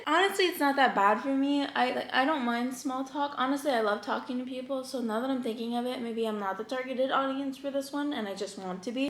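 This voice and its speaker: A young woman chatting bubbly and fast in a mukbang vlog, laughing often and reading confessions aloud. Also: fairly high pitch. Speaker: YouTuber. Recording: echoey room.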